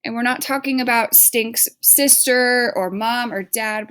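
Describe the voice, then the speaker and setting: Woman teacher, higher voice, slow and patient classroom delivery. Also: a bit bright. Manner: slow, clear, patient explanation to children. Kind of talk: reading aloud and classroom instruction.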